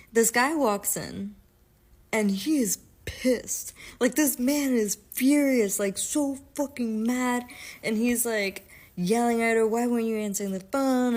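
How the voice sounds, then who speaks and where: A woman from Florida telling a casual storytime, blunt and full of profanity. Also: medium pitch. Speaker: TikTok storyteller.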